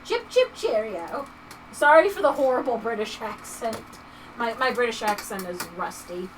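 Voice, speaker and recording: A woman's voice: on the high side, lively intonation, normal speed, distant mic, noisy background. A woman hosting a livestream, chatting casually in a rambling way with lots of filler words while she crafts at home. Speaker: livestream host.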